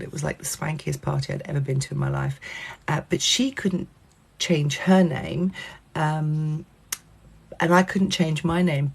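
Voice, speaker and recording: A woman telling a casual personal anecdote, animated, with lots of fillers and free swearing. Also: sits low, vocal fry, breathy edge. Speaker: channel host telling a personal story.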